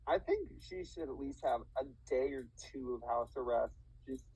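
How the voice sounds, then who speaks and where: Man, husky voice, rambling, playing a lawyer in a playful online mock trial. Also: medium pitch, animated, normal speed, darkish tone, dry recording, low-quality recording. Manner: rambling, full of fillers and restarts. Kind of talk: casual role-play over voice chat. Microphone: voice chat mic.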